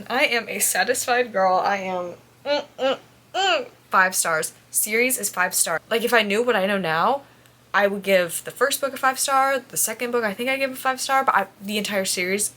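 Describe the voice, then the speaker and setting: A woman's voice: medium pitch, a bit bright. Gushing young woman reacting to a book. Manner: gushing, chatty, emotional. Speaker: book vlogger. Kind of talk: reading vlog, reading aloud and reacting.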